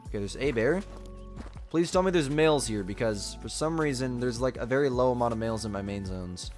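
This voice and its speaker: A man's voice: medium pitch, a little fast, darkish tone, faint music behind. Male game streamer, young adult, laid-back live commentary, answers chat, slight cough. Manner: casual, reads and answers chat aloud.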